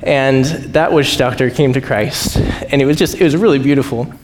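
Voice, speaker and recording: A man preaching as a missionary, telling stories with lively acted-out voices and frequent laughs. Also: normal speed. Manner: animated, acts out quoted voices, laughs often. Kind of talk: storytelling sermon. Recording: echoey hall, faint rumble.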